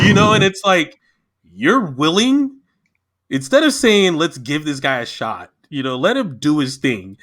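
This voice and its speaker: A man's voice: on the high side, measured pace. A man in casual chat on a podcast, talking with passion and getting emotional as he reviews a show. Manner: impassioned, animated. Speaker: podcast guest.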